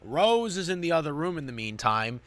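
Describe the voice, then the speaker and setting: A man's voice: a little high, very animated, moderate pace, fairly bright tone, no echo. A man giving a casual spoken recap of an anime episode, rambling with many fillers and restarts. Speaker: anime reviewer.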